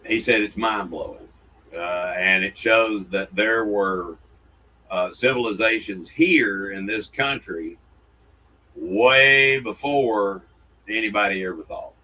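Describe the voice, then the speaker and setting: A man's voice: on the low side, slow, sharp tone, poor audio. A man, co-hosting a casual podcast and reading fan mail in a folksy, jokey way. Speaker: co-host.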